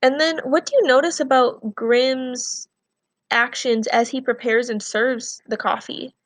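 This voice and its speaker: A woman teacher with a fairly high voice records a reading lesson. She alternates between expressive novel reading and patient, clear instructions for her students. The sound is close and dry, with no room around it. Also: measured pace, no echo.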